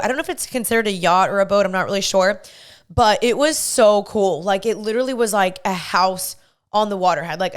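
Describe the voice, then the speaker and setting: A woman's voice: mid-range voice, clear, resonant tone. A young woman hosting a podcast, telling a story in a gushing, chatty way and saying "like" constantly. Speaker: podcast host. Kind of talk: casual storytelling monologue.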